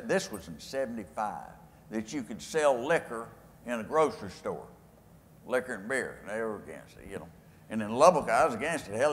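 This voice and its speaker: A man's voice: on the low side, slight background noise. An older man with a West Texas accent, telling folksy, rambling stories with homespun sayings to a live audience. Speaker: guest speaker. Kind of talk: storytelling talk to a live audience. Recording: echoey hall with faint ambience.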